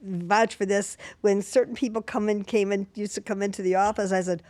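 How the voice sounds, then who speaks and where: A woman's voice: medium pitch, steady tone, fairly quick, darkish tone, no echo. An older woman, a talent agent guest, reminiscing in a rambling way with fillers and restarts. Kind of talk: casual interview.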